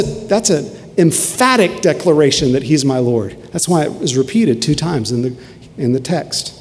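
A man's voice: fairly high pitch, animated, moderate pace. Earnest male pastor preaching in a hall. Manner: earnest preaching that swings from hushed to emphatic. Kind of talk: sermon.

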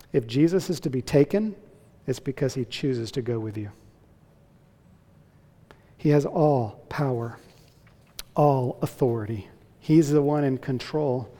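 A man's voice: mid-range voice, mellow. Emphatic male preacher in a reverberant hall. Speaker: pastor. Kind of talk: sermon.

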